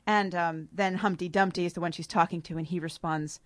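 A woman's voice: on the low side, fairly even intonation, a little fast, hardly any pauses, no echo, studio quality. A woman author, chatting casually with frequent laughs about her story, then reading from it. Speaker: author guest.

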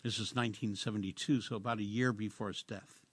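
A man hosting a radio show, chatting casually in a halting, rambling way with lots of fillers and restarts. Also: lowish voice, steady tone, husky, no echo. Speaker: radio host. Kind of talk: casual radio interview chat.

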